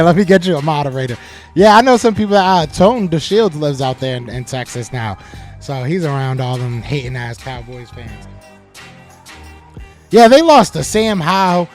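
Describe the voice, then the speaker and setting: A man hosting a live sports podcast, reading chat comments aloud and answering them with animated trash talk. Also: on the high side, normal speed, soft background music.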